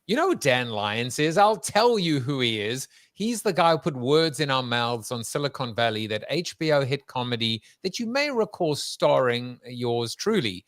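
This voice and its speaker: A man's voice: medium pitch, sing-song, normal speed, hardly any pauses, fairly bright tone, no room sound, studio quality. A man voicing a brash, self-important male startup mentor who boasts and needles a rival. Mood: boastful.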